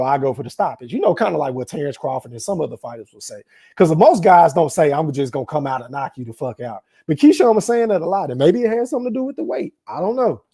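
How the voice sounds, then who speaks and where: Animated man hosting a live boxing podcast. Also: fairly high pitch. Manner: animated, laughs often, talks straight to the chat. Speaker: podcast host. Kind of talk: casual live-stream commentary.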